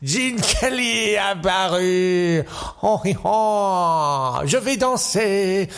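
Guy putting on a hammy old-hollywood song and dance star, high sing-song fake french. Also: expressive, slow, fairly bright tone, smooth, full character voice. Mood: crooning. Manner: exaggerated mock-French phrases, sing-song. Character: showy male film-musical star, hammy fake French. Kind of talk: comedy sketch impression.

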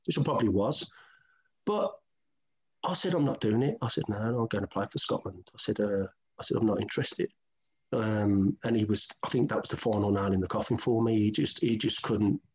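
Brummie guy in his middle years spinning footy yarns, acts out who said what, kinda dull lo-fi sound. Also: medium pitch. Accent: Birmingham. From England. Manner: animated, acts out old conversations, colloquial. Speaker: former footballer, interview guest. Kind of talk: candid storytelling interview.

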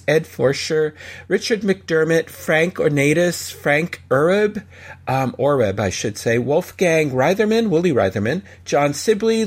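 A man hosting a podcast, chatting casually and reading cartoon credits and history. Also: breathy edge. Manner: chatty, reads credits and trivia, lively pitch. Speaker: podcast host.

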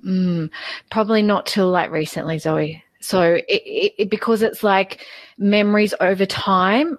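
A woman in her forties, a guest in a personal interview, speaking haltingly and repeating words as she opens up. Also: medium pitch, fairly even intonation, no room sound. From Australia.

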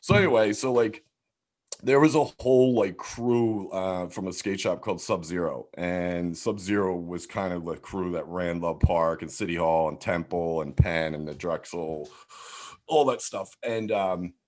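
A podcast guest from Philadelphia, USA, tells rambling, profane stories in a casual interview. His low, slightly mellow voice is unhurried, and his speech is full of heavy swearing, lots of "like," and frequent restarts.

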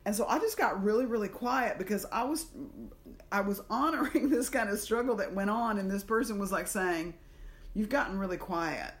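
A woman's voice: medium pitch, normal speed. A woman from the American South co-hosting a podcast, telling a personal story in a casual conversation and acting out the voices in her head. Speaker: podcast co-host.

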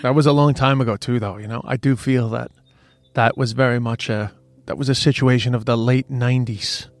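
A man's voice: mid-range voice, steady tone, fairly quick, dry recording. A man co-hosting a podcast, telling stories in frank, sweary casual chat with many stumbling restarts. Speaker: podcast co-host.

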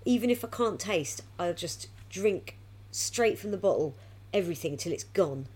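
A woman's voice: lowish voice, lively intonation, normal speed, a little mellow, husky. A chatty woman co-hosting a casual talk, laughing easily, getting over covid. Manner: giggly, chatty. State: recovering from covid. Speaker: podcast co-host. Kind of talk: casual chat.

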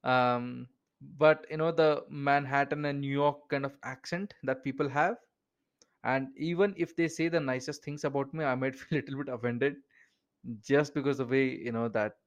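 The recording is lo-fi, capturing a man with a medium-pitched, steady voice at normal speed. He's an Indian English-accented podcast host running a casual interview, chatting freely, leaning on "you know," and laughing between points.

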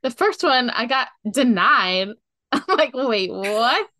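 A woman chatting casually on a podcast, telling stories in a giggly, animated way. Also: sits high, slow, no room sound, studio quality. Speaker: podcast co-host. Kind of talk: casual chat.

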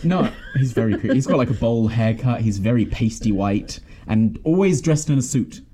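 Guy chatting about a movie on his podcast, bouncy voice, kinda husky, laughs lots. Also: mid-range voice, normal speed. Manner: animated, laughs often, mock-outraged. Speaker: podcast host. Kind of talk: casual film discussion.

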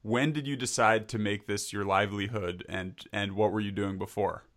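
A man's voice: on the low side, steady tone, normal speed, a bit bright. A man hosting a podcast interview, upbeat and conversational with some fillers. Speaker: podcast host.

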